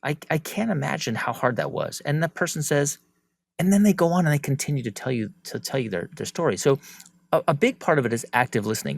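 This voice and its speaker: A man speaking as a podcast guest in relaxed conversation, animated and often slipping into the voices of people he quotes. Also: mid-range voice, no echo, clean studio sound. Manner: animated, acts out quoted speech. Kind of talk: conversational interview.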